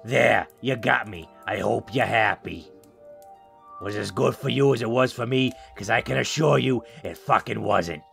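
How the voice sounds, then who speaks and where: A man doing a gruff bitter old hermit. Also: medium pitch, unhurried, fairly bright tone, faint music behind. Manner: grumbling, sarcastic, crude. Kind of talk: voicing game dialogue.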